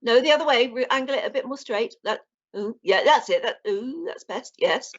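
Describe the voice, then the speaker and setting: A middle-aged woman interviewing a guest, gently prompting him with encouraging questions. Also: fairly high pitch, normal speed. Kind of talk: casual interview chat. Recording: dull lo-fi audio.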